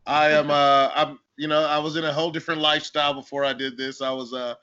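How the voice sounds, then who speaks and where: A man co-hosting a casual podcast, telling stories in an animated way, laughing and swearing freely. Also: a little high, quick pace, clear, resonant tone. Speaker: podcast co-host. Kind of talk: casual chat and storytelling. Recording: dull lo-fi audio.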